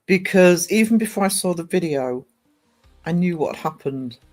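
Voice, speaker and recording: A man's voice: sits high, lively intonation, normal speed, a little mellow, soft background music. A man streaming live, chatting casually in a rambling way full of ums and restarts.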